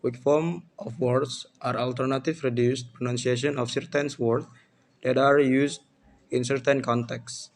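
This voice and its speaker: A young man from Indonesia, presenting a pronunciation lesson as a student in a slow, deliberate way. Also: medium pitch, fairly even intonation. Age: young adult.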